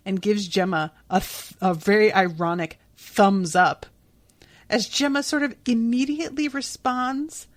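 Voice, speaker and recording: Woman podcast host, unhurried and blunt, candid cursing, dry close-miked sound. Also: mid-range voice, dry recording. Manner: chatty, blunt, swears freely. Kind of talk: casual episode recap.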